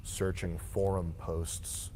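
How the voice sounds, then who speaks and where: A man's voice: sits low, little pitch movement, slow, dark tone, slight background noise. A man streamer giving opinionated, lecturing commentary in a reaction stream.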